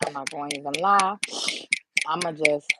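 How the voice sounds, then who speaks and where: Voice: medium pitch, normal speed, very noisy. A vlogger talking casually to camera in a subdued, grieving way, rambling, swearing freely and losing track of the thought. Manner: rambling, loose and profane, loses track of the thought. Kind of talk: casual to-camera vlog talk.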